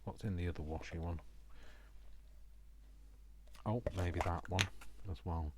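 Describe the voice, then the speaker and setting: A man's voice: low voice, a little slow, background noise. A British man chatting casually to himself as he makes a craft project, joking at his own expense. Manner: chatty, self-mocking, talks to himself while working. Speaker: crafting vlogger.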